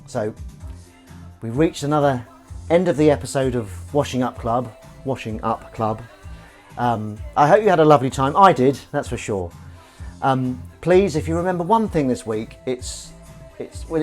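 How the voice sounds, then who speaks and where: Chatty, jokey man, lively voice. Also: medium pitch. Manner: jokey, self-mocking, chatty, swears casually. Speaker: livestream host. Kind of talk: rambling live-stream chat while washing up.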